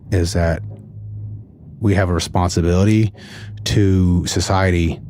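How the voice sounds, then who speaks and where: A man from Kentucky talks as a podcast guest, earnest and measured. His voice sits very low. A faint hiss runs behind him. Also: darkish tone. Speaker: guest actor. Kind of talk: podcast interview.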